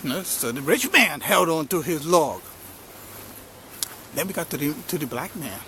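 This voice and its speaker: A man's voice: a little high, very animated, moderate pace, bright, forceful tone, a little hiss or hum. A man telling a moral story in a casual, rambling way, with lots of fillers and restarts. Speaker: motivational marketing vlogger.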